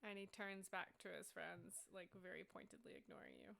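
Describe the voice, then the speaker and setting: A woman's voice: on the low side, fairly even intonation, fairly quick, vocal fry, bright, forceful tone. A woman narrating as game master in a tabletop game, describing the scene with frequent fillers.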